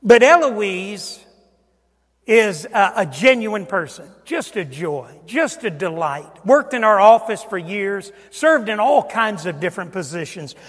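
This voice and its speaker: An older man, a pastor, preaching a sermon, swinging from booming emphasis down to hushed, near-whispered asides. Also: animated, a little slow, in a large hall. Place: church sanctuary.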